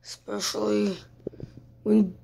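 A young woman giving casual commentary over her own mobile football game, exasperated, dropping from whispered mutters to sudden yelps and shouts. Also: mid-range voice, level tone, takes it slowly, creaky. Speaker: gaming YouTuber.

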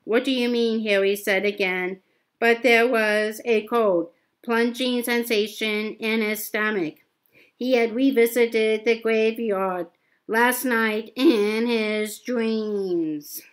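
A woman's voice: on the high side, steady tone, slow pace, low-quality recording. A woman reading a novel aloud, stumbling often and repeating words as she goes. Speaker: amateur reader.

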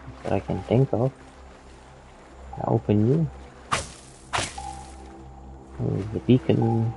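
A man's voice: mid-range voice, takes it slowly, gravelly, mellow, highs cut off, soft background music. A man streaming a video game, reacting casually, swearing now and then, and reading in-game text aloud. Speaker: gaming streamer. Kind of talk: let's play commentary.

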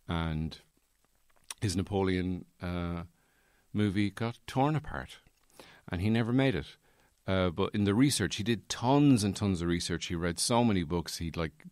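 A man's voice: low voice, dry recording, studio quality. A man, hosting a podcast in a rambling, digressive solo monologue full of fillers. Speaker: podcast host.

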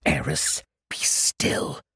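A man voicing a cautious young man who speaks in a hushed, wary voice in an audiobook. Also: mid-range voice, sing-song, measured pace, breathy edge, no echo, clean studio sound, voice pushed up, full character voice.

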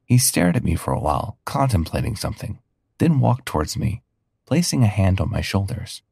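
Male storyteller, first-person narration, earnest, very low voice, husky. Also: animated, moderate pace, dark tone, no echo, clean studio sound.

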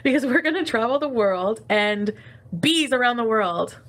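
A woman's voice: on the high side, lively intonation, normal speed, a bit bright. A woman chatting casually on a livestream, rambling from topic to topic and laughing often.

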